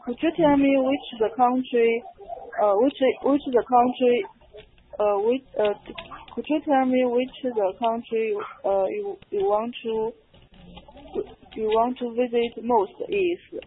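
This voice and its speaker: A woman from China works through an English lesson, hesitant and restarting often. Her voice sits a little high and she talks slowly, over tinny call audio that sounds like a phone line. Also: a little hiss or hum. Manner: hesitant, many fillers and restarts. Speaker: English student. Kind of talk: online language lesson. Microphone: video call.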